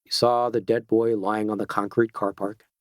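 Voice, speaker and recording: A man narrating an audiobook in a measured, even storytelling voice. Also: on the low side, no echo, studio quality. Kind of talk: scripted narration.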